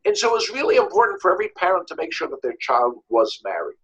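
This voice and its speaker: Animated New York man, lively pitch. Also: fast talker, dull audio. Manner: lively, acts out quoted voices, repeats words when searching. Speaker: divorce lawyer interviewed as guest. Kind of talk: animated storytelling interview.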